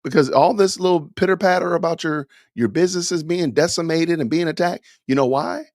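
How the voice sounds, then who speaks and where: A man's voice: on the high side, fairly quick, darkish tone, dry recording, clean studio sound. A man hosting a podcast, giving emphatic, scolding commentary with a preacher-like cadence. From Atlanta. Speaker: podcast host. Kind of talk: commentary on a news clip.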